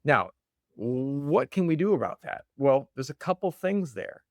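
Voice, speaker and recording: A man hosting his own show, talking casually and self-mockingly about staying calm, laughing often as he tells stories. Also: a little high, unhurried, no echo. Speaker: podcast host. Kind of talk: casual motivational monologue.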